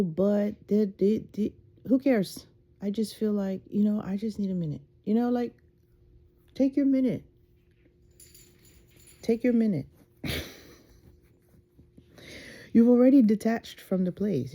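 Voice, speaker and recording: A woman's voice: medium pitch, warm tone. A woman who just woke up, giving a rambling, casual spiritual pep talk straight to her phone, full of fillers and self-talk. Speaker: faceless content creator.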